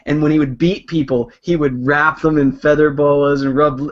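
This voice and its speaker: Casual podcast co-host, man, animated rambler, lo-fi sound. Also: a little high, normal speed. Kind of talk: casual chat. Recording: dull lo-fi podcast audio.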